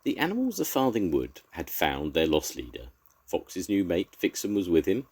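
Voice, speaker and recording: An older grandfather reads a children's animal story aloud with a very deep voice. His pitch swings widely and expressively as he tells it. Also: very animated, normal speed, darkish tone, husky.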